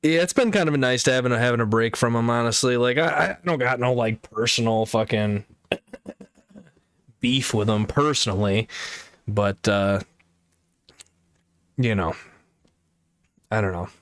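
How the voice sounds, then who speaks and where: A man's voice: mid-range voice, normal speed, long pauses, fairly bright tone, smooth, no echo. A man streaming live, chatting casually in a rambling, profane way full of fillers and restarts. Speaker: livestreamer. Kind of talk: casual chat.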